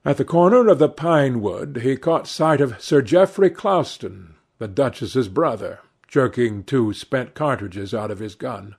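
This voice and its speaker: A male narrator reading classic literature in a measured, deliberate way. He takes his time with every phrase, at an unhurried pace. His pitch sits right in the middle. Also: animated, gravelly, darkish tone, husky. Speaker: audiobook narrator.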